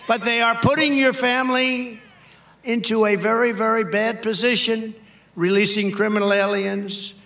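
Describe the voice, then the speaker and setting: Older guy at a rally, repeats himself, bright high voice picked up from a distance. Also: vocal fry. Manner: repetitive, emphatic, often shouting. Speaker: political speaker. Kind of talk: rally speech.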